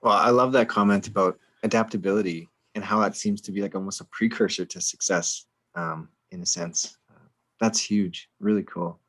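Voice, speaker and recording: A man hosts a live online question session over a video call. His voice is fairly low. He speaks in a relaxed, encouraging way and uses many fillers as he passes along questions. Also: moderate pace. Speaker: session moderator.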